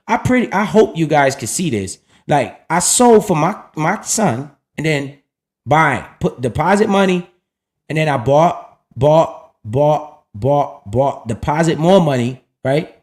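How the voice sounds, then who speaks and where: A middle-aged man hosting a casual livestream, talking in loose slang and often dropping low and quiet. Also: expressive, moderate pace. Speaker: livestream host talking investing.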